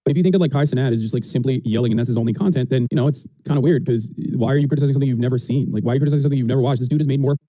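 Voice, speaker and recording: A man's voice: mid-range voice, rapid-fire, few pauses, warm tone, no room sound. A man streamer giving argumentative, sarcastic commentary on clips. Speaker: political streamer.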